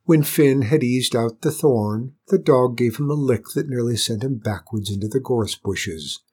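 A man reading a storybook aloud in a calm, measured, gentle way. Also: mid-range voice, husky. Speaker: narrator.

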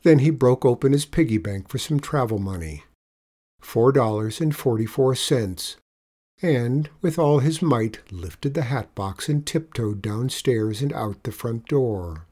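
A man narrating a children's storybook aloud in a gentle, measured way. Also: medium pitch, lively intonation. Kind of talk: storybook reading.

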